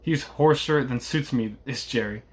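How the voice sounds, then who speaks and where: A man voicing a wary, armed coach guard who roars warnings in a gruff voice. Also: mid-range voice, normal speed, natural voice. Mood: gruff threats. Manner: loud, gruff, threatening.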